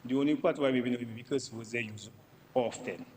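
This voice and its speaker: A man's voice: mid-range voice, brisk, a little mellow, in a large hall, slight background noise, low-quality recording. Emphatic Dominican man in parliament. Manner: emphatic, repeats himself for stress. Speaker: member of parliament. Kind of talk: parliamentary debate speech. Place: parliament chamber.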